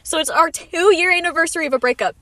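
A woman's voice: very high-pitched, quick pace, pushed and bright, no room sound. A young woman co-hosting a casual chat podcast, telling a long story and quoting everyone with lots of "like". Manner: storytelling, quoting others with many "like"s. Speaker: podcast co-host.

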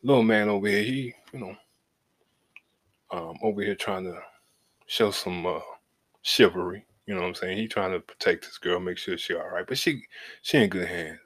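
Husky-voiced man, middle-aged, podcast host, low register, casual and profane storytelling. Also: moderate pace, pauses often, fairly bright tone. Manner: loose and profane, leaning on "you know what I'm saying"; shifts from laid back to heated as the story builds.

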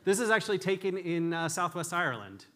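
A man's voice: high voice, very animated, fast, a bit bright, a little hiss or hum. A man giving a candid, storytelling conference talk with frequent restarts and self-deprecating humor. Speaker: conference speaker.

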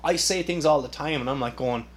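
A man's voice: a little high, fairly quick, a little hiss or hum. Sarcastic, swearing man podcast host. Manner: profane, sarcastic, rambling with many fillers. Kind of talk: casual solo rant.

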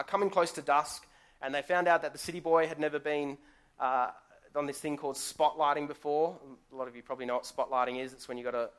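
A man's voice: medium pitch, a bit bright, smooth. Guest pastor, male, chatty live church sermon full of rhetorical questions. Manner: conversational storytelling with rhetorical questions.

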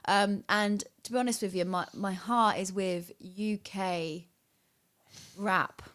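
A young woman from England hosts a podcast and also works as a radio presenter. Her medium-pitched, fairly bright voice moves slowly with fairly even intonation as she chats casually, giggly and self-deprecating.

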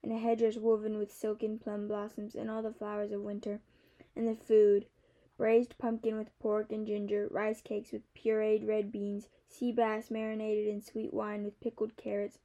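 A young woman reading a novel aloud in the first person, measured and softly expressive. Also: medium pitch. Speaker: audiobook narrator.

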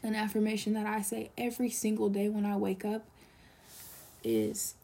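Husky young woman, earnest and pleading. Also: mid-range voice, level tone, normal speed, dark tone. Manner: earnest, pleading, repetitive emphasis; drops to a whisper at times. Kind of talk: personal confessional monologue.

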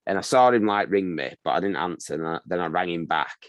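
A young man, exhausted after a long shift, telling a sweary, animated story on a video call. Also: sits low, fast, no echo, dull audio. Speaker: video call chat participant. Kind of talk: casual chat.

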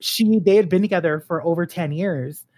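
A man in his late twenties telling a personal story in a casual, animated way, swearing freely and acting out the other people's lines. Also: sits high, normal speed. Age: late 20s. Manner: animated, profane, acts out quoted voices.

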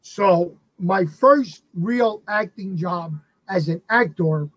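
A man telling a casual, animated story as an actor guest on a podcast, acting out the people he quotes. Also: sits high, slow, no room sound, low-quality recording.

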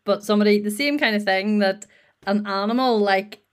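A woman's voice: medium pitch, normal speed. Reflective woman in casual chat.

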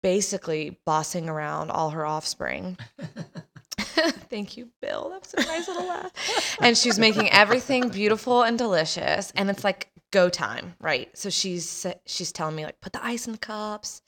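A woman's voice: mid-range voice, lively intonation, normal speed, fairly bright tone. A woman in her thirties casually telling a personal story as a podcast host, chatty and laughing, acting out the voices of family members.

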